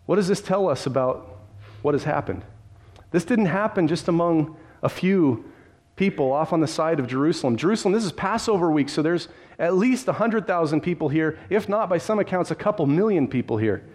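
Brief: male pastor, slightly higher-pitched voice, dramatic sermon storytelling that speaks straight to listeners. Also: animated, fairly quick, darkish tone. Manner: vivid retelling with frequent restarts; addresses listeners directly.

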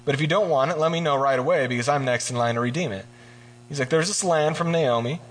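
A man giving a casual, joking sermon, retelling scripture and acting out the characters in quick voices. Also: medium pitch, fairly even intonation. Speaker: preacher.

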